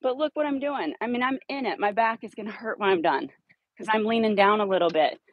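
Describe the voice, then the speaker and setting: A woman dog trainer is out in a yard with a puppy, explaining outdoor leash training bluntly and directly while giving the dogs upbeat praise. Her mid-range voice is brisk, and the recording sounds lo-fi.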